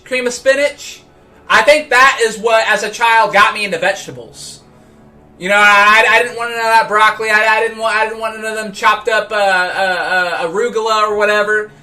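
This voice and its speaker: Male streamer, high bright voice, rambling casual chat, stammers on repeats, faint music bed. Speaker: livestream host.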